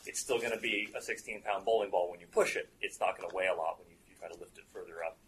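A man's voice: sits low, fast talker, a bit bright, a little hiss or hum, low-quality recording. A man running a tabletop horror game as game master, explaining rules with frequent laughs.

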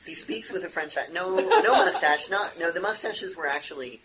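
A man's voice: a little high, normal speed, pushed and bright. A man playing a tabletop role-playing game, talking in a hesitant, thinking-aloud way with restarts. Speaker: tabletop player. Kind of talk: in-character role-play with table talk. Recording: home recording with background noise.

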